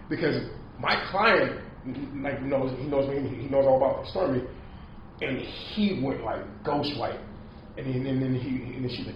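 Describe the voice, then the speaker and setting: A man's voice: mid-range voice, normal speed, vocal fry, background noise. A man telling a story in casual chat, rambling and packing his talk with repeated fillers. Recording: echoey, distant, dull lo-fi sound.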